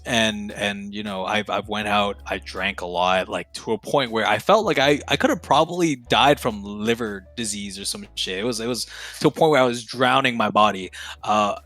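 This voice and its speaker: A young man talks as a podcast guest, his voice bright and forceful. He tells stories in a loose, slangy way, swears freely and gets excitable as he goes. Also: lowish voice, moderate pace, no echo, faint music behind. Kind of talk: casual storytelling.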